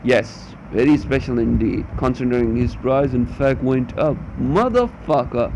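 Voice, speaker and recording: Grumbling male gamer, gravelly dark voice, curses a lot. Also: mid-range voice, measured pace, hardly any pauses. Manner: swears, grumbles, reads game text aloud. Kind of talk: let's play commentary. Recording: muffled with faint hum.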